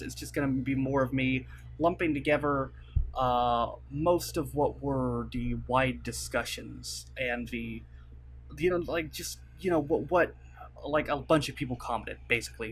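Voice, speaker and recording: Talking to the camera from his desk, a young man records a laid-back vlog, wandering off topic, apologizing and filling gaps with fillers. The YouTuber's mid-range voice has a fairly bright tone, with a little hiss or hum coming through the desk mic at his webcam setup.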